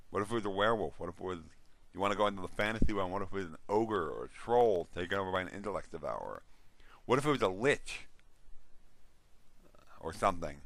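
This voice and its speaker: A man's voice: fairly low pitch, fairly bright tone, no echo. A man hosting a casual monologue on role-playing games, rambling with restarts and the odd yawn. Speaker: host.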